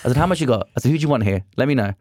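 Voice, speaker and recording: Lively young man telling stories. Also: medium pitch, racing, no echo. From England. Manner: animated, acts out quoted dialogue. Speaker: podcast guest, drag performer. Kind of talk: casual storytelling chat.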